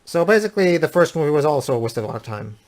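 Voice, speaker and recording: A young man making deadpan, dismissive remarks while co-hosting a casual movie commentary. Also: on the high side, fast. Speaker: commentary co-host.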